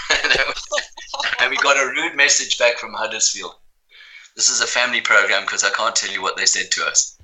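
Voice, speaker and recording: A man telling a story as a podcast guest, animated and amused. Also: fairly low pitch, normal speed, poor audio. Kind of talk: storytelling anecdote.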